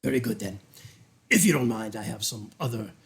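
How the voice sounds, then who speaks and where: Ein Mann spielt einen bedrohlich schnurrenden Herzog. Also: male voice, fairly low pitch, animated, voice pushed down. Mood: coolly menacing. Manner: soft, slow, menacing purr. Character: sinister old male duke, cruel and toying.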